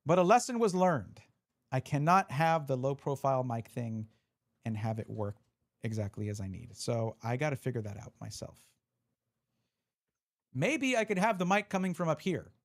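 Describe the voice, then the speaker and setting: A man's voice: mid-range voice, animated, moderate pace, pauses often. A man live-streaming, chatting casually and reading out viewer messages as he opens card packs. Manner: chatty, reads chat aloud, restarts often.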